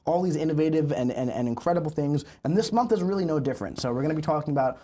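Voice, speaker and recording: A man's voice: fairly high pitch, animated, dark tone. Hyped man hosting a game stream. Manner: hyped, drawn-out emphasis, chatty. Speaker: livestream host. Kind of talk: energetic official stream hosting.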